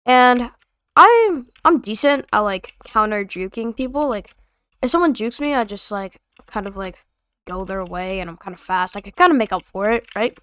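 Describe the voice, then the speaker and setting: A woman's voice: medium pitch, expressive, moderate pace, fairly bright tone, clean tone, dry recording. A young woman telling a story in a casual, rambling, slangy and sarcastic way. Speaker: vlogger.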